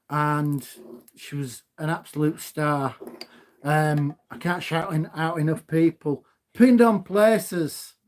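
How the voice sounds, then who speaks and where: A loud, gobby man chats on a live stream from his phone at home, laughing as he goes. His voice sits fairly high for a man, and he takes his time over the words. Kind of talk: casual live stream chat.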